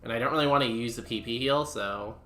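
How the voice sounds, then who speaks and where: Rambling young man streaming a game, bright voice. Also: medium pitch, fast talker, reverberant. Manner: rambling, filler-heavy chat with viewers. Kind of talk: casual live-stream commentary.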